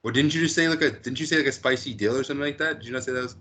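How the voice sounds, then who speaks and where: A man's voice: mid-range voice, very fast, bright, forceful tone. A man co-hosting a casual chat, blunt and swearing. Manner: blunt, swears, says "bro" and "eh". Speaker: podcast co-host.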